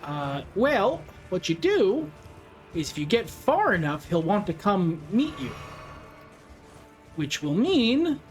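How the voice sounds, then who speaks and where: A man's voice: high-pitched, very animated, slow, pauses often. A man playing a video game and chatting casually, blunt and swearing often. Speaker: player at the controls. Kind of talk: casual gameplay chat. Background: game music.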